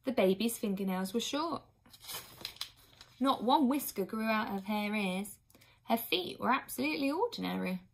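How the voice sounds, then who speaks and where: A woman reading a children's book aloud expressively, now and then pausing for an aside to her listeners. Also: on the high side, animated, creaky. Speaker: reader.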